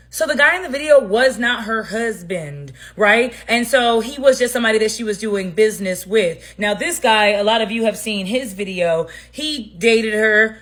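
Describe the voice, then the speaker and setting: Animated, blunt gossip vlogger woman. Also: a little high, normal speed. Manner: animated, blunt, laughing often. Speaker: gossip vlog host. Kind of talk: story time gossip commentary.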